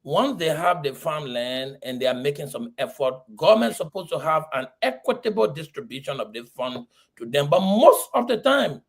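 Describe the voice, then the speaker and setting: A man's voice: on the high side, lively intonation, moderate pace, creaky, few pauses. A middle-aged man from Liberia, arguing heatedly in a political discussion with repeated rhetorical questions. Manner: impassioned, repetitive, rhetorical questions. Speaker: panelist.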